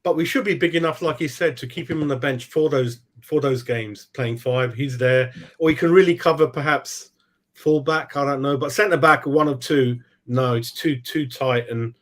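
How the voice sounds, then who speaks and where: A man at an ordinary middle pitch chatting through a football result with friends. He thinks aloud and often hedges his opinions. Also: moderate pace. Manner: thinks aloud, hedging with I don't know. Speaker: football fan pundit. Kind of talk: post-match reaction chat.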